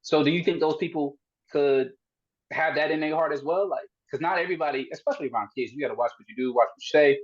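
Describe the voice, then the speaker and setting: A man's voice: a little high, quick pace, highs cut off. A man hosting a podcast, asking long, probing questions in casual chat and often restarting his sentences. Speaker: podcast host.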